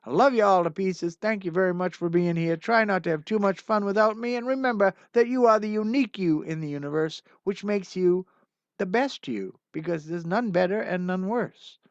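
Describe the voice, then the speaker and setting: An older man hosting a livestream of his songs, chatting casually and rambling with plenty of "uh" fillers, then signing off warmly to his viewers. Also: high voice, lively intonation, moderate pace, no echo. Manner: warm, encouraging sign-off. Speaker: singer-songwriter hosting a livestream. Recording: dull, muffled lo-fi sound with faint music.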